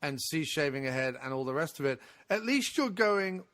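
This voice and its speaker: A podcast co-host with a somewhat high-pitched voice, arguing his views with animated energy. He talks in a casual, opinionated way and drops swear words freely. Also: moderate pace.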